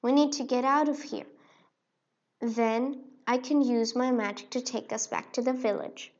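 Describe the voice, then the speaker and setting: A woman voicing a helpful young female fairy companion in a storybook, urgent and quick. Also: a little high, fairly even intonation, darkish tone, natural voice. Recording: dull lo-fi recording.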